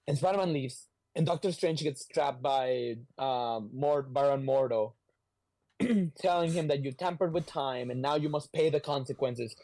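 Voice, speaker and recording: Man, podcast co-host, mellow dark tone, somewhat high voice, casual storytelling with swearing and quick character voices. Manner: animated, swears freely, clears throat often. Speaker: podcast co-host retelling a comic. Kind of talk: casual comic recap with voiced quotes.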